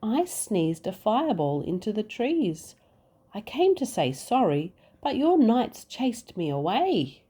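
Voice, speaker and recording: A woman's voice: mid-range voice, very animated, slow pace, warm tone, husky, pitched above the performer's own voice, heavily acted. A woman voicing a big sorry male dragon. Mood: pleading.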